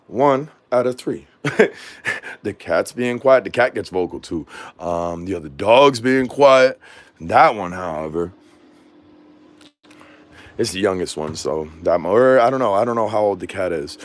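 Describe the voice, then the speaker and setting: A man's voice: lowish voice, expressive, a little slow, long pauses, no echo. A man casually vlogging from his home, rambling and losing his train of thought, with a slangy way of talking and a voice he says is off. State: says his voice is not normal. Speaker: drone vlogger. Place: at home indoors.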